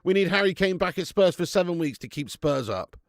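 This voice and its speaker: Gravelly, sweary bloke hosting a watch-along. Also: male voice, high voice, animated, fairly quick, no room sound, clean studio sound. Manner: sweary, laughing banter with chat. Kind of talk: live football watch-along chat with viewers.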